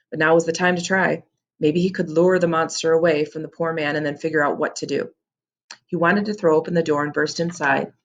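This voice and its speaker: A woman reading a novel aloud in a casual way, now and then correcting her own slips. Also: low-pitched. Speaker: audiobook reader.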